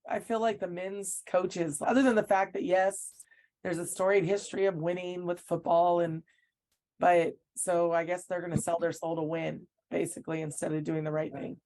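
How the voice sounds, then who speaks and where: A woman's voice: fairly low pitch, little pitch movement, moderate pace, darkish tone. A woman, a coach, recounting events as an interview guest, telling them earnestly and acting out what others said.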